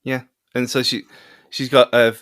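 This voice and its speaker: A man's voice: mid-range voice, flat delivery, a little slow, a bit bright, clear, resonant tone, no room sound, clean studio sound. A man co-hosting a podcast, chatting about a film in a rambling way with frequent restarts. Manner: rambling, many restarts and fillers. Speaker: podcast co-host. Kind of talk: casual film review chat.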